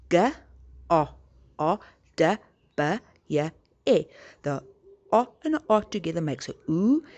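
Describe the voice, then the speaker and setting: A female teacher leads young children through a slow spelling lesson, sounding out each word letter by letter and cheering them on. Her voice sits low, and the audio is dull.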